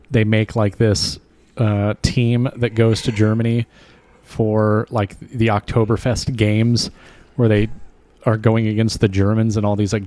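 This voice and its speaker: A man's voice: on the low side, darkish tone, no echo. A man co-hosting a podcast, telling stories in laid-back casual chat. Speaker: podcast co-host.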